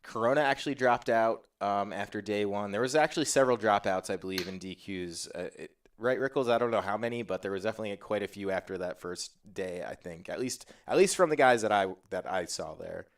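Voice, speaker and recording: A man's voice: lowish voice, a little fast, few pauses, recorded from a distance. A man hosting a casual panel discussion about tournaments, rambling with lots of fillers and restarts. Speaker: podcast host.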